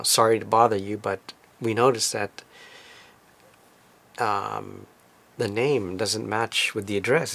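A man casually recounting a trip as a vlogger, in a relaxed, conversational storytelling manner. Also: fairly low pitch, creaky. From lives in Tokyo. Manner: relaxed, conversational retelling with fillers.

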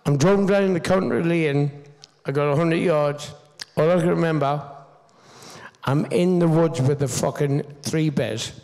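A man's voice: fairly high pitch, unhurried, a little mellow. A man in his fifties with a Geordie accent, telling rambling, swear-filled stories on stage as a guest speaker. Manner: swearing, rambling storyteller with restarts. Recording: stage mic in a reverberant hall.

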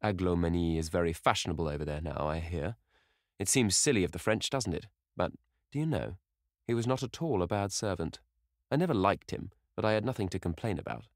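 A man voicing a vain, bored young gentleman who speaks in a languid, petulant way, lifting his voice above his own low register. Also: expressive, fairly quick, no echo, studio quality.

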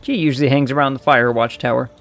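A man's voice: medium pitch, steady tone, fast, a bit bright, soft background music, lightly acted. A man voicing a friendly, chatty male bus depot keeper who rambles in a folksy way, read aloud from a video game.

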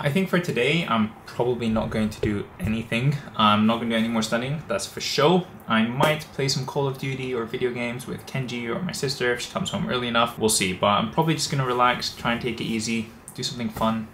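A young man in his twenties, a medical student, chatting casually to his camera with a relaxed, easygoing manner. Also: mid-range voice, a little hiss or hum. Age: 20s. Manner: relaxed, chatty, says "mad" a lot. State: out of breath while walking. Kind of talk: casual vlog talk to camera. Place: London streets and home.

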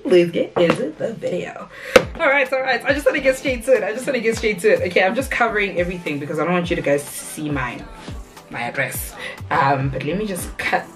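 A bubbly young woman chats straight to her viewers in a casual vlog. She talks in a quick, friendly flow and her voice leaps up into squeals when something excites her. Faint music plays behind her. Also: mid-range voice. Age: young adult. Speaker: content creator.

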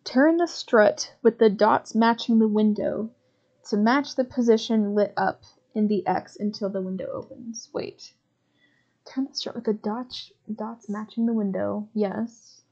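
A woman's voice: medium pitch, steady tone, unhurried, darkish tone, highs cut off. A woman streaming a puzzle game live, talking casually, often puzzled, swearing and laughing as she reads chat aloud. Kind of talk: casual live gameplay commentary.

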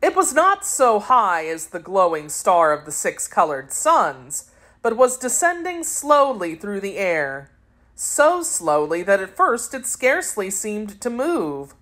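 A woman reading a children's storybook aloud as an audiobook narrator, with expressive delivery. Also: medium pitch, takes it slowly. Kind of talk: scripted narration.

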